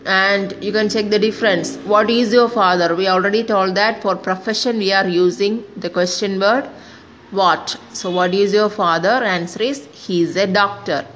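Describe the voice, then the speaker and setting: A woman's voice: mid-range voice, normal speed, a bit bright, slight background noise, rough recording. A woman teaching an English grammar lesson, spelling out words letter by letter and working through example sentences.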